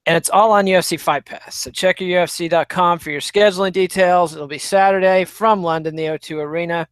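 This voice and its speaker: A man's voice: sits high, steady tone, brisk, clean tone, no room sound. A man co-hosting a podcast, teasing his partner wryly while running through the show's rundown. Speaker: podcast co-host. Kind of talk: casual comedic chat.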